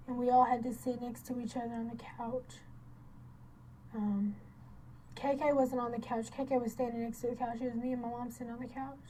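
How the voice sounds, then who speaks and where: High-voiced woman giving shaken testimony. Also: a little hiss or hum, low-quality recording. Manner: halting, repeats and restarts, voice breaking into tears at times. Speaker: crime victim recounting an attack. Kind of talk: emotional first-person testimony.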